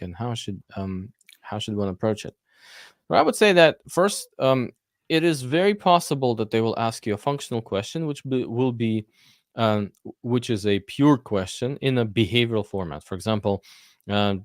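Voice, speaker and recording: A man working as an interview coach, answering questions in a live Q&A session, thinking aloud with frequent pauses and fillers. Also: lowish voice, no room sound, clean studio sound.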